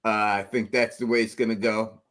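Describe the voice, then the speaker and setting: A man hosting a casual call-in livestream, animated and quick to laugh, often tripping over his words. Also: lowish voice. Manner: animated, laughs often, stammers through restarts. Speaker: livestream host.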